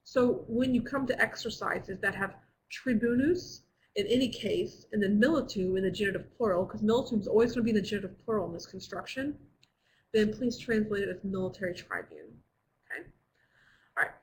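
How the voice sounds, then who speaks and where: A woman teaches a Latin class over a computer microphone, talking in a patient, explanatory way with many small pauses and fillers. Her voice sits in a middle register, and a faint hiss hangs behind it. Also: medium pitch, expressive, low-quality recording. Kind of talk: online class lecture.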